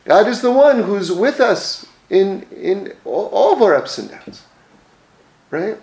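A man leads a Torah lesson through stories, his voice sitting high. He tells them animatedly and often restarts his phrases. The recording carries a noticeable room echo. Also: slow pace. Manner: animated storytelling with many restarts. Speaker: Torah teacher. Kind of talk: religious class, story-driven teaching. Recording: echoey room.

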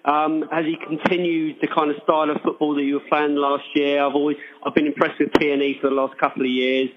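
A man's voice: on the high side, level tone, dull audio. A man co-hosting a podcast, joking around in casual banter and repeating words as he talks. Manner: jokey, fast, repeats words. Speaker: podcast co-host.

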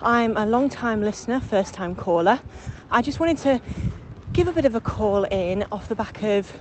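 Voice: medium pitch, lively intonation, normal speed, slight background noise. A long-time listener calling in for the first time, leaving a thoughtful, earnest phone message for a podcast. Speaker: caller. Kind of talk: voicemail message.

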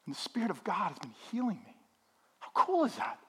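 Middle-aged guy pastor giving a sermon in church, pretty high voice, jokey and lively with the congregation. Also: a little fast, husky. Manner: animated, joking with the congregation.

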